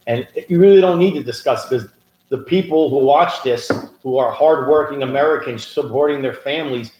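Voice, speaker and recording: An animated man co-hosting a podcast tells stories and launches into rising, emphatic rants during a casual political chat. His voice is medium-pitched at a moderate pace, and the recording has a roomy echo.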